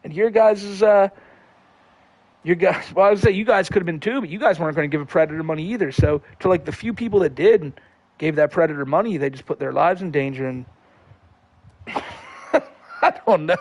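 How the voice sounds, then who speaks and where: A man's voice: on the high side, fairly quick, pauses often, no room sound. A man hosting a livestream, reading viewer comments in a rambling, profane, laid-back way. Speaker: livestream host.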